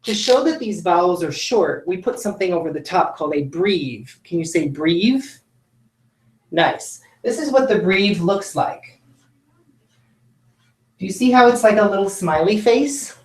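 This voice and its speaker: A woman teaching a phonics lesson to children, speaking patiently and sounding out each sound slowly. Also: mid-range voice, expressive, roomy sound. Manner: slow, patient, models sounds clearly.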